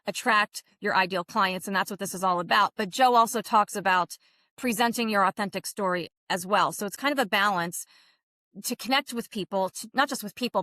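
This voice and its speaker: A woman's voice: medium pitch, fairly bright tone, no room sound. Chatty woman hosting a podcast. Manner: chatty, enthusiastic, laughs at herself. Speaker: podcast host. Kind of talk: podcast intro monologue.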